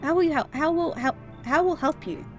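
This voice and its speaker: A woman's voice: sits high, a little fast, darkish tone, faint music behind, natural voice. A woman voicing a blunt ballet dancer who speaks in clipped, broken English. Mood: curt.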